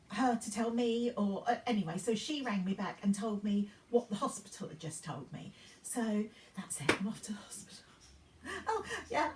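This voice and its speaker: A woman's voice: fairly high pitch, slight background noise. Chatty woman, fifties, roomy sound. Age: 50s. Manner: rambling storytelling with many ums and restarts. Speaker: fashion vlogger. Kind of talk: casual vlog chat. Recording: roomy sound from a distance off the mic.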